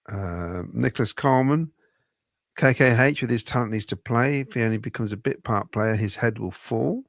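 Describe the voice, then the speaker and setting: A man's voice: medium pitch, gravelly, dry recording, studio quality. A man with a Coventry accent co-hosting a football fan podcast, reading out viewer comments with chatty asides. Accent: Coventry English. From Midlands, England. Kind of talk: casual fan podcast chat.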